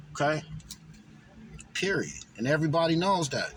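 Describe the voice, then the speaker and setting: A man reading scripture aloud and then riffing on it in casual, slangy, animated commentary. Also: on the high side, normal speed, long pauses, slight background noise, low-quality recording. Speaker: bible study vlogger.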